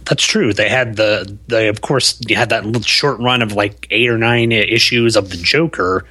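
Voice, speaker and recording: A man co-hosting a podcast in casual chat, halting, with frequent restarts and fillers. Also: on the low side, sharp tone, slightly rough. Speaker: podcast co-host.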